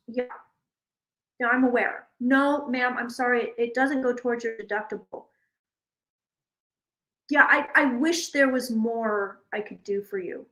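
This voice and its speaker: A woman's voice: fairly high pitch, echoey room, rough recording. A woman playing a blunt, unhelpful female insurance phone rep who keeps brushing off the caller. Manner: flat, dismissive, repeating "yeah, no".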